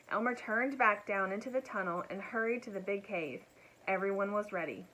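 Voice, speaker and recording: A woman reading a children's storybook aloud in a gentle, friendly narrating voice. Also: medium pitch, moderate pace, rough recording. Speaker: children's book reader.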